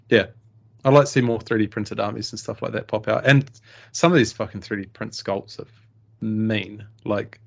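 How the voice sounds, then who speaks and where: A man's voice: on the low side, gravelly. A man chatting on a podcast, blunt and swearing a lot. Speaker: podcast guest. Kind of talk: casual podcast chat. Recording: dull lo-fi sound.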